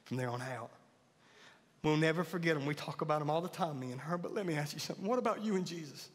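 High-voiced pastor preaching in a hall. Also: male voice, fast, slight background noise. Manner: earnest, rising to emphatic peaks. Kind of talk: sermon. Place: church sanctuary. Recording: church hall reverb with faint music.

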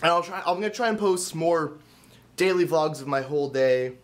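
A man's voice: a little high, expressive, normal speed. A man vlogging casually, telling a rambling story full of stammered restarts and self-deprecating asides.

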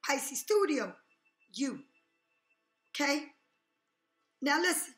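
A woman's voice: sits high, unhurried, long pauses, bright, forceful tone, roomy sound, soft background music. A woman giving a casual tarot reading, talking emphatically, repeating herself and checking in with "okay?" often. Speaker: tarot reader.

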